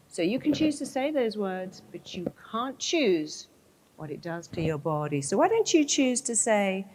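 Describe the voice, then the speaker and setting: A woman's voice: medium pitch, very animated, normal speed, low-quality recording. A woman therapist giving a motivational talk to a live audience, speaking emphatically, repeating phrases for effect and acting out inner voices in quoted asides.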